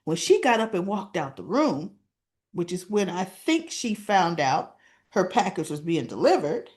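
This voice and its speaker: A woman's voice: lowish voice, big pitch swings, a little slow, darkish tone. A woman casually retelling soap opera scenes in a chatty storytelling way, often asking "right?" as she goes. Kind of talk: casual recap chat.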